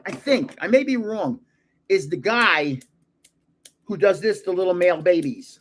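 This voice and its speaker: An older man hosting a card collector channel chats while opening cards, rambling into funny stories and laughing at his own jokes. His voice is high-pitched and animated, and he speaks unhurriedly with long pauses.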